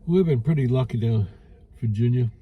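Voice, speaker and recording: A man with a Brooklyn accent, rambling casually with many pauses while reviewing food outdoors by a lake. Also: medium pitch, husky, narrow, tinny audio.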